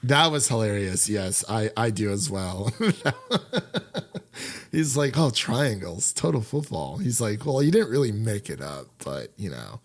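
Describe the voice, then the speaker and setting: A man's voice: lowish voice, sing-song, unhurried. A man hosting a film podcast in casual chat, rambling and laughing often, with upbeat sign-offs. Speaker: podcast host.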